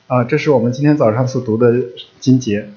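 A man's voice: medium pitch, fast talker, dark tone, highs cut off. A man interpreting a sermon line by line, opening each line with a short filler sound before speaking plainly.

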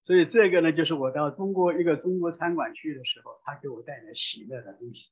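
A man's voice: on the high side, fast. A man interpreting a sermon live, fluent, with frequent hesitation fillers. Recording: dull lo-fi sound.

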